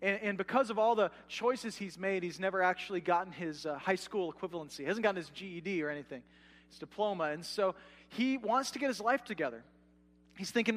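A man preaching a sermon as pastor, in a conversational, animated way with asides to the congregation. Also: high-pitched, a little fast, big-room sound.

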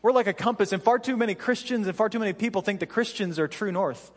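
A man in his thirties preaching a sermon as pastor, telling self-deprecating stories in an animated way that breaks into laughter. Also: high voice, quick pace, big-room sound. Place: church stage.

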